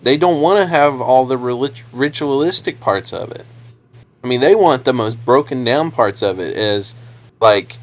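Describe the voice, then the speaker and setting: A man's voice: mid-range voice, normal speed. A young adult man, a preacher co-hosting a podcast, chatting casually in a rambling way, repeating words and laughing often.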